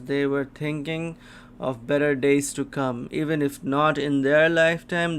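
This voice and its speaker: A man reacting live to a comic chapter, reading it aloud with gasps and sudden exclamations as he thinks out loud. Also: a little high, a little hiss or hum. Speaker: manga reaction host.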